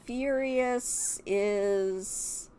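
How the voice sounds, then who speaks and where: A middle-aged gaming video creator from Michigan, USA, with a Midwestern American accent, chats casually about a game and addresses her viewers. Her medium-pitched voice is mellow and very slow.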